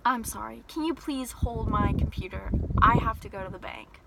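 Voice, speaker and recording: A young woman telling an animated, exasperated story-time rant from her parked car. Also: fairly high pitch, moderate pace, vocal fry, very noisy. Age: young adult. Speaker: vlogger.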